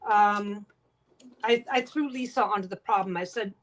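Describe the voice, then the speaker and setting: A woman's voice: medium pitch, moderate pace, rough recording. A woman chatting casually to her livestream viewers while she sews at home, talking bluntly and swearing freely. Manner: swears a lot, blunt and talkative. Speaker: quilter and livestream host. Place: home sewing room.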